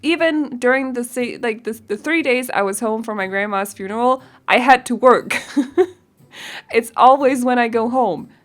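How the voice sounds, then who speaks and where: A woman's voice: on the high side, normal speed. Giggly young woman chatting. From Denmark. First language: Danish. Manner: rambling and giggly, searching for words. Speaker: game builder. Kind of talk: casual voice-over chat.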